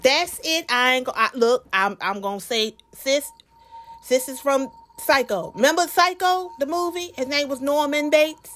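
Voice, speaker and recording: A woman's voice: high-pitched, moderate pace, fairly bright tone. Sassy Southern woman giving commentary. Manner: sassy, preachy, addresses viewers directly. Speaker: commentary host. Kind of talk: reaction commentary.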